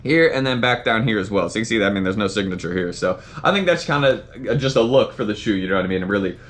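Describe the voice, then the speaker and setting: Young Southern guy, quick and chatty, upbeat sneaker-review host. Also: lowish voice, animated, a bit bright. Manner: rambling, upbeat, lots of fillers like "right?". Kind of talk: casual unboxing vlog.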